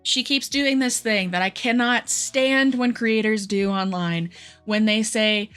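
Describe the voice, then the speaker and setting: A woman's voice: fairly high pitch, a little slow, fairly bright tone, smooth. Brief: young woman, heated commentary rant, light music underneath. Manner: heated, frustrated ranting. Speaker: commentary creator. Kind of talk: reaction commentary.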